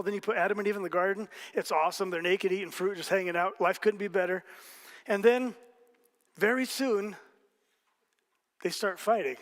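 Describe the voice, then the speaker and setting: A man's voice: sits high, a bit bright. A man preaching a sermon as pastor, telling stories casually with jokes and asides to the congregation. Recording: hall reverb.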